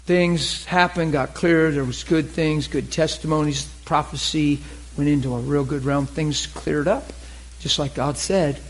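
A man preaching a storytelling sermon, talking conversationally and getting animated, with laughs and shouts at the peaks. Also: fairly high pitch, unhurried, poor audio.

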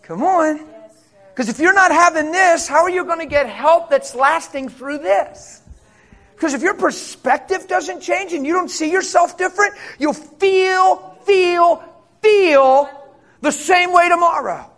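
A man's voice: very high voice, a little slow, fairly bright tone. A male pastor giving a passionate, conversational sermon with casual asides.

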